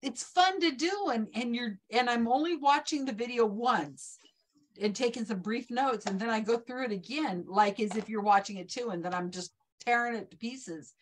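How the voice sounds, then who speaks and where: A woman's voice: a little high, moderate pace. A woman hosting an online trivia night, talking in a chatty, enthusiastic, rambling way over a video call. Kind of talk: casual online group chat.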